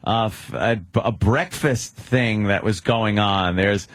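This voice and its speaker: A man's voice: lowish voice, slow pace, no echo. A man co-hosting a radio show in casual studio banter, sarcastic and profane, ranting in bursts. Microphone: studio microphone.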